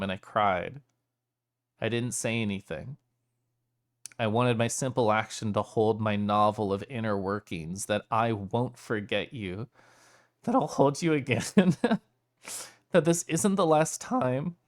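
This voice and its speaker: A male streamer talking casually to his chat, emotional and teary, laughing often between sentences. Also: medium pitch.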